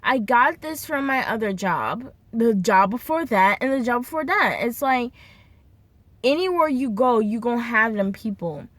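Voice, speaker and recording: A woman's voice: a little high, animated, moderate pace, fairly bright tone, dry recording. Young woman in her twenties, vlog rant; swears freely, acts out the people in her story. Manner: heated, profane, acts out the people she quotes. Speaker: vlogger.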